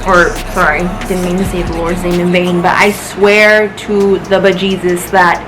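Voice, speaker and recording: A woman's voice: on the low side, little pitch movement, normal speed, poor audio. A tipsy young woman rambling through a casual storytime with lots of swearing. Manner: rambling, swearing, loose and chatty. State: tipsy and high. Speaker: vlogger. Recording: music playing behind her voice.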